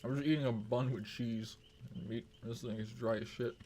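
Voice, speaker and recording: A man's voice: mid-range voice, fairly even intonation, normal speed, mellow, slight background noise. Rambling, foul-mouthed male gaming streamer. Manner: rambling and profane, full of "it's like". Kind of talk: casual gaming stream chat.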